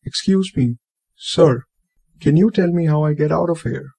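Man doing a flustered young Indian man, Indian accent, gravelly, dark tone, storybook reading. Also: fairly high pitch, normal speed, no echo. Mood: polite. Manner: startled and stammering, a bit resentful.

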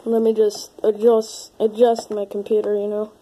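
A woman making a casual comedic vlog, talking in an excitable way that breaks into panicky exclamations. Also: mid-range voice, moderate pace, a little hiss or hum. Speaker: video creator.

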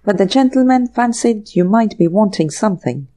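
A woman's voice: medium pitch, animated, normal speed, dark tone, close to an everyday voice. A woman voicing a polite, apologetic male manservant in an audiobook reading. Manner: respectful, ends phrases with "sir".

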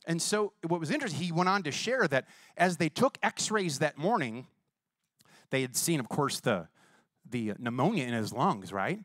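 Male preacher, animated pitch, chatty sermon storyteller, dry close mic. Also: moderate pace, no room sound. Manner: lively, conversational, acts out quotes.

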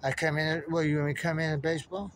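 A man's voice: on the high side, level tone, fast, a bit bright, a little hiss or hum. A man in a rambling monologue, muttering strings of numbers and codes to himself. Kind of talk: stream-of-consciousness monologue.

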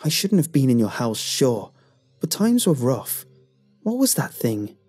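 A man voicing the severed head of a dead man who taunts from inside a garbage bag, drawing his insults out slowly. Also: medium pitch, very animated, darkish tone, breathy edge, faint music behind, pitched above the performer's own voice. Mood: defensive. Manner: mocking, drawn-out slow taunts.

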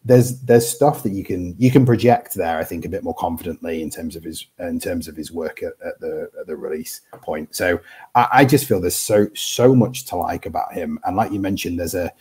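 A British man in his thirties speaks as a podcast guest, stumbling and restarting as he thinks aloud. His voice sits very low and has a husky, breathy edge. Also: normal speed, mellow. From United Kingdom. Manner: hesitant, many restarts and fillers. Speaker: guest draft analyst. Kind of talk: casual podcast chat.

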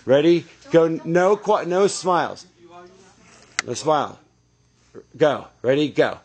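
Male director, set instructions, encouraging, restarts, fairly high voice. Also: lively intonation, slow pace, a little hiss or hum. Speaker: film director.

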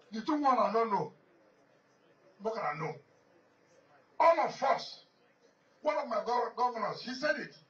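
A Nigerian-accented politician addresses a gathering, his voice high in his register and fairly bright as he rambles and drives points home through repetition. The mic is distant, and the dull, muffled recording carries a light hiss.

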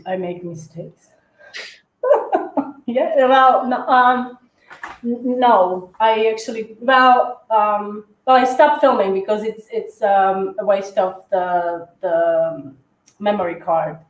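A woman co-hosting a live cookie-decorating tutorial, chatting in a halting way with lots of fillers and restarts. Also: mid-range voice, roomy sound, poor audio. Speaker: cookie decorating livestream co-host. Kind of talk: casual tutorial chat while decorating.

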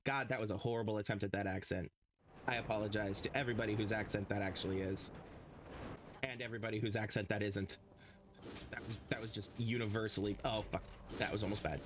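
A man's voice: on the low side, a little fast, background noise. A man casually commenting on his gameplay as a streamer, rambling and swearing freely.

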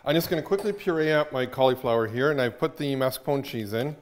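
A man's voice: medium pitch, fast, background noise. A man hosting a casual cooking show, chatting upbeat while he cooks in a kitchen.

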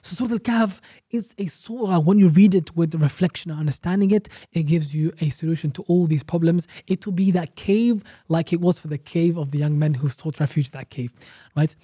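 A man's voice: a little high, fairly quick, few pauses, warm tone, breathy edge, dry recording, studio quality. A man, an Islamic teacher guest on a podcast, explaining a religious story emphatically with rhetorical questions and repeated phrases.

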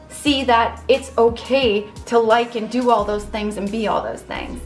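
Young woman, earnest candid vlog talk, fairly high voice, roomy echo, faint music behind. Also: lively intonation, moderate pace, hardly any pauses. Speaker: vlogger. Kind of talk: casual talk to camera. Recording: echoey room with faint music.

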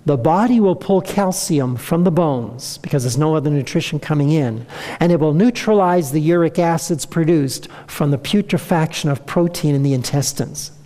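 Guy giving a health talk, throws questions at the crowd, warm tone, long hall reverb. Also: on the high side, moderate pace. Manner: asks the audience rhetorical questions. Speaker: health lecturer. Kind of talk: health presentation to an audience.

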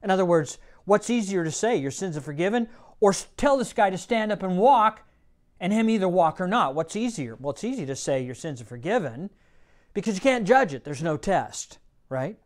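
A man's voice: sits high, lively intonation, brisk. A male pastor preaching a sermon in church, telling a folksy story and rising to emphatic bursts. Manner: folksy, self-deprecating.

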